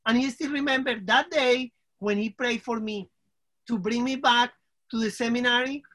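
A man's voice: extremely high pitch, steady tone, moderate pace, pushed and bright. A man from Colombia, telling an earnest personal testimony at a question-and-answer session and speaking directly to his listeners. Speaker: guest sharing a personal testimony. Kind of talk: spoken testimony at a Q&A.

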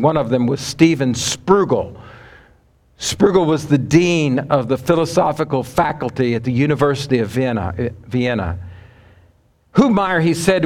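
A male preacher delivering a sermon, telling a story dramatically and often dropping to a hushed, low voice.

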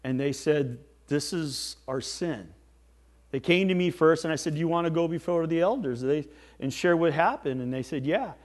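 A man preaching a sermon as pastor, swinging from soft, slow lines to loud, emphatic ones. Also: fairly high pitch.

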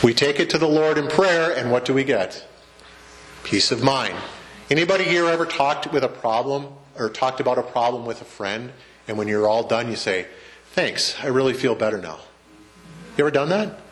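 A man's voice: medium pitch, expressive, moderate pace. A man preaching a sermon to his congregation in a church, chatty and joking, asking the room questions. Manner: conversational preacher, asks the congregation questions and jokes. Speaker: pastor. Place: church sanctuary.

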